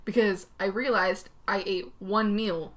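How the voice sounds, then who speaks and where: A woman co-hosting a podcast, telling a story in a casual, animated way, laughing often and swearing freely. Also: medium pitch, a little slow, background noise. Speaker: podcast co-host. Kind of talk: casual chat.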